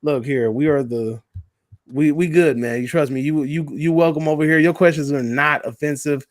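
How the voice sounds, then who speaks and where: A man's voice: a little high, normal speed, no echo. A man co-hosting a casual live stream chat, loose and joking and cursing freely.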